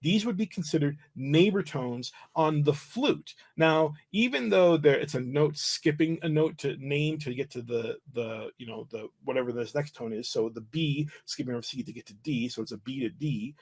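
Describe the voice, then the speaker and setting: A man with a fairly high voice teaching flute on a livestream. He explains in a loose, easygoing way, stopping to restart his sentences and filling gaps with ums and uhs. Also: moderate pace, few pauses, slightly rough. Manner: relaxed explaining, many fillers and restarts. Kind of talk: livestream music lesson.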